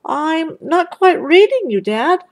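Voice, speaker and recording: A whiny young boy bear in a storybook, played by a woman, complaining in a high voice. His pitch climbs and swoops as he protests. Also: sing-song, slow pace, exaggerated voice.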